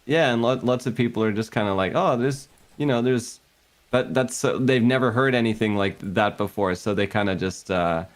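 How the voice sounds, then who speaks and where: A man's voice: on the low side, a little fast, few pauses. A man chatting casually as a guest, rambling with many fillers, on a close desk mic. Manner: warm, rambling and full of fillers. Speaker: guest streamer. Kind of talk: casual chat.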